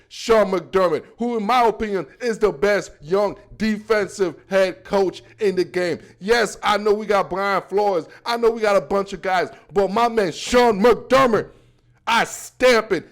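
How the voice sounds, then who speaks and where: A young man with an African accent hosting a football podcast, riffing in slangy, animated casual talk and stretching words out for emphasis. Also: sits high. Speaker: podcast host.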